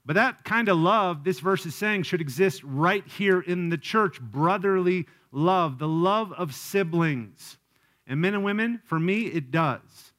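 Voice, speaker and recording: A male pastor delivering a sermon in a somewhat high voice. He speaks earnestly and personally, often turning to the congregation with direct questions. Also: animated, measured pace, fairly bright tone. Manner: earnest preaching with frequent rhetorical questions.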